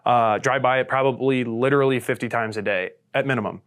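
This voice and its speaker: Easygoing missouri guy telling business stories, swears a lot, says dude and you know what i mean, mid-pitched voice. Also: fast, fairly bright tone. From St. Charles, Missouri, US. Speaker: guest, business owner. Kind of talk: casual storytelling chat.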